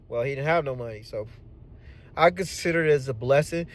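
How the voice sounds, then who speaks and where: Guy with a high voice telling a work story, slangy and animated, dry sound. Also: fast, dry recording. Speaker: channel host. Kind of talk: storytelling vlog.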